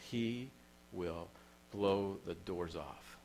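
A male pastor with a somewhat low voice preaches a sermon, telling stories with feeling and driving points home through repetition. A faint hum of noise sits under his voice. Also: normal speed, poor audio. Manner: emotional storytelling preacher, repeats phrases for emphasis. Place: church.

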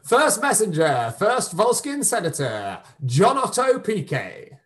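An upbeat man hosts the wrap-up of a live online show. He sounds effusive and his voice sits high and moves around a great deal. He is heard over a video call. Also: huge pitch swings, slow, fairly bright tone. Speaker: host and director.

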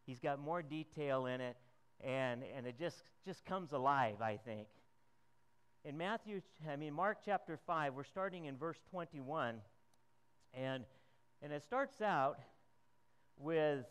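A man's voice: fairly high pitch, lively intonation, a little slow, smooth. A man preaching a conversational sermon, asking the congregation questions and chuckling as he retells the story.

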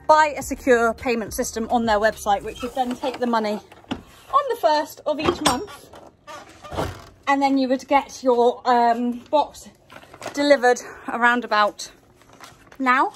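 An equestrian vlogger with a high voice chats at a normal speed about horse gear, laughing often and talking to her animals along the way. Her casual vlog has a little hiss or hum in the background.

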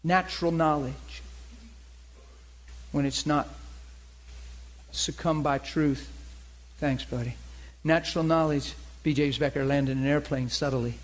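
A male pastor preaching a sermon, telling stories in an animated way and acting out the dialogue. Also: a little high, a little slow, long pauses, poor audio. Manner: animated storytelling, acts out dialogue.

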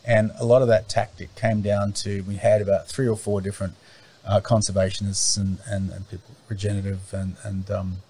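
Male interview guest, low voice, casual and meandering, patchy remote mic. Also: little pitch movement, a little fast, mellow, breathy edge. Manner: rambling, many fillers and restarts. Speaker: interview guest, farm owner. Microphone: remote call mic, cutting in and out.

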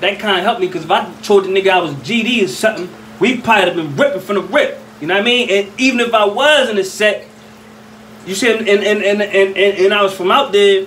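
Rambling high-voiced young man from Philly. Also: fairly bright tone. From Philadelphia. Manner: rambling, constant "you know what I mean", street slang, acts out voices. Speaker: vlogger telling a story. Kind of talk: casual storytelling. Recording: slightly distant mic with faint ambient noise.

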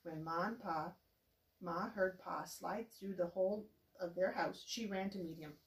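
A woman's voice: lowish voice, a little slow, echoey room, low-quality recording. Woman reading a children's story.

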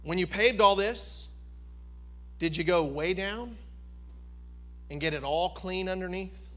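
A man preaching plays an older father, a seasoned tradesman who speaks calmly and gently scolds his son. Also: high-pitched, takes it slowly. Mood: knowing. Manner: calm, knowing, gently reproving. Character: wise old male business founder, fatherly.

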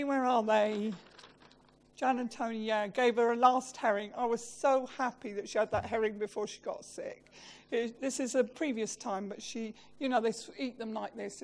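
A woman giving a funeral eulogy. She tells lively, self-mocking stories and laughs as she talks. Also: on the high side.

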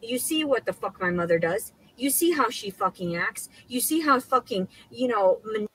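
A woman's voice: on the high side, lively intonation, moderate pace, fairly bright tone, breathy edge, rough recording. A woman in a heated rant, agitated and stammering, swearing constantly. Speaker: woman filmed in her own posted videos.

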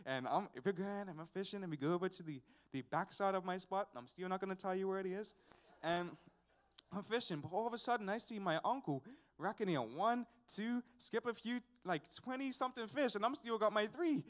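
High-voiced young man preaching a testimony. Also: animated, a little fast, a bit bright. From Bermuda. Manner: storytelling, earnest and casual with chuckles. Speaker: young preacher at a graduation service. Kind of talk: personal testimony sermon.

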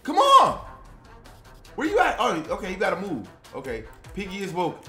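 A woman's voice: mid-range voice, huge pitch swings, normal speed. A shrieking, jumpy woman in gameplay commentary. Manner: jumpy and loud, shrieking and yelling when scared, chatting to viewers. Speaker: family YouTuber playing a video game with her child. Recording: roomy sound with game music behind.

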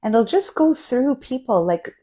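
A woman's voice: fairly high pitch, sing-song, normal speed, mellow. A woman spiritual coach giving an enthusiastic, casual talk about self-love and collective energy, often checking in with "right?".

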